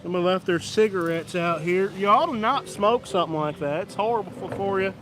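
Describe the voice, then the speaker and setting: Over music, a high-pitched man talks briskly, rambling and chatting casually to his live-stream audience. He's out on a downtown street at night, with the camera on a stand.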